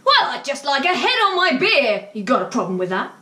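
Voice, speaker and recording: A woman voicing a rude, aggressive man who loudly insists his beer is ruined, in a roomy space with the mic some distance away. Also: fairly high pitch, very animated, fairly quick. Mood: indignant. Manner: indignant, loud and insistent.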